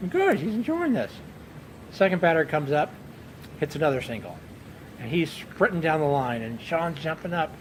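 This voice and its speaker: A man's voice: a little high, a little hiss or hum, rough recording. A man chatting casually as a vlogger, telling a rambling, chuckling story while outdoors on a bench at night. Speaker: pipe-smoking vlogger. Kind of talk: casual chat.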